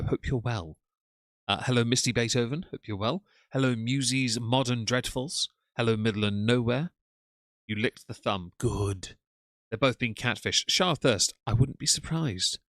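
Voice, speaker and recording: A man's voice: mid-range voice, a bit bright, no room sound, studio quality. A man hosting a live stream. He greets viewers one by one in a chatty, rambling way, with lots of ums and the odd yawn. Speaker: livestream host.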